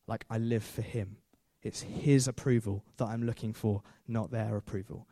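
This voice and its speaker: A man voicing a humble male figure who speaks calmly and sincerely of serving his father. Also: lowish voice, moderate pace, no room sound, pitched below the performer's own voice, natural voice.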